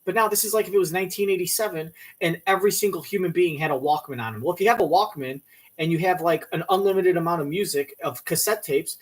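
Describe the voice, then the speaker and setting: A man talks in a sarcastic, rambling way, mocking new trends. His voice sits a little high and he sounds set back from the microphone. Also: quick pace, distant mic. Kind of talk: casual chat.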